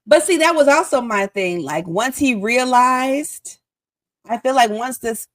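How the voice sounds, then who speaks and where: A woman co-hosting a casual reality TV recap, talking in an animated, emphatic way. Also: fairly high pitch, unhurried. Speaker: co-host.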